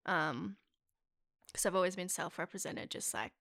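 A woman's voice: lowish voice, normal speed, fairly bright tone, no echo, clean studio sound. A young woman, an actress chatting in an interview, rambling with lots of fillers. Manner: rambling, filler-heavy, laughs often. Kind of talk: casual interview chat.

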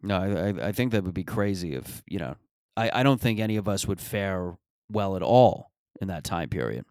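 Low-voiced man riffing in a comedy monologue. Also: lively intonation, normal speed, a little mellow, dry recording, studio quality. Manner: rambling, riffing, profane. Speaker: comedian podcast host.

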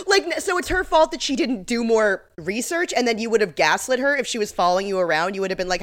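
A woman's voice: fairly high pitch, sing-song, brisk, fairly bright tone. A young woman co-hosting a podcast, chatting casually and animatedly, swearing freely and acting out the quotes she retells. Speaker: podcast co-host. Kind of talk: casual chat recapping reality TV.

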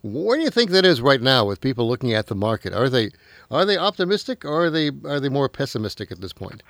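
A man's voice: medium pitch, very animated, quick pace, a bit bright, no echo, clean studio sound. A man hosting a radio show, asking long, rambling questions with restarts. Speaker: radio host. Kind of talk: radio interview.

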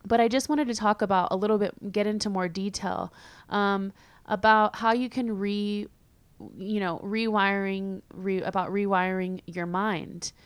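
A young woman hosting a podcast, talking casually and candidly with many fillers and quick laughs. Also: medium pitch, steady tone, smooth, dry recording. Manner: chatty, filler-heavy, candid, laughs easily. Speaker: podcast host. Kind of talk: casual solo podcast chat.

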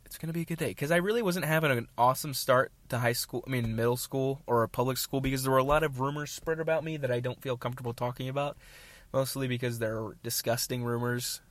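A man's voice: medium pitch, steady tone, quick pace, no room sound. A young man tells a story on his own show, rambling and poking fun at himself with jokey asides. His voice sits in a middling range. The recording is dry and close, with no room sound. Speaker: podcast host. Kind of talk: casual storytelling monologue.

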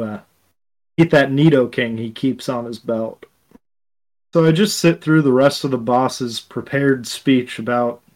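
A man telling his character's story in the first person, reflective and unhurried, as a player in a tabletop game podcast. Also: mid-range voice, rough recording.

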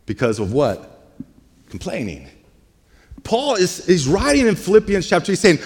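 A man's voice: on the high side, sing-song, unhurried, long pauses, a little mellow. A man preaching a sermon as pastor, retelling scripture in a loose, conversational way full of "like" and "hey". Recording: long reverb of a large hall.

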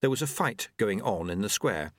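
A man with a lowish voice narrates a novel expressively at a moderate pace, working as an audiobook narrator delivering scripted text. The sound is dry and clean, studio-made.

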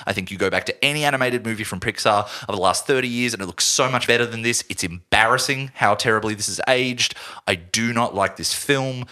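A man's voice: medium pitch, bright, forceful tone. A man co-hosting a casual film podcast, blunt and opinionated, often breaking into laughter. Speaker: podcast co-host. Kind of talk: casual film review chat.

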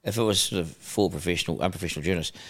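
A middle-aged man with a New Zealand accent telling stories on a casual podcast, animated, laughing often and acting out what people said. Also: low-pitched, rapid-fire. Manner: animated, laughing, acts out quotes. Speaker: guest broadcaster.

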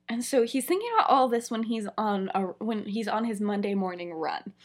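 Casual: young woman podcast host, breathy-ish voice, bit high, rambly storytelling. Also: moderate pace. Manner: animated storytelling, many fillers, frequent laughs. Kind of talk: casual chat, retelling a story.

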